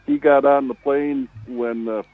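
A man's voice: mid-range voice, fairly even intonation, takes it slowly, no echo. Older man, veteran guest, tinny phone-line sound, dry, chuckling storyteller. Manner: reminiscing, laughs often. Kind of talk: radio interview.

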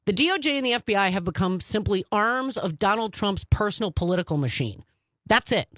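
A woman's voice: medium pitch, fairly quick, no room sound, studio quality. A woman hosting a talk radio show, opinionated and emphatic, stretching out words to make her points. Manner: animated and emphatic, dragging out key words. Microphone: studio microphone.

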